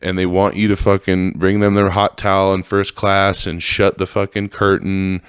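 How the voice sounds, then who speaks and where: A man in a heated podcast rant, swearing freely and hammering the same phrases again and again. His voice sits on the low side, and the recording is dry and close. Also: level tone, normal speed, clear, resonant tone, no echo. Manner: heated, profane, repetitive ranting. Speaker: podcast host. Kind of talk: ranting podcast monologue.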